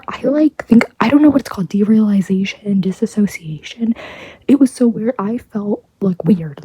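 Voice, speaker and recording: A young woman vlogging at home in her bedroom, talking in a hushed whisper so no one hears her, chatty and rambling. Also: medium pitch, normal speed, breathy edge. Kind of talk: whispered haul vlog.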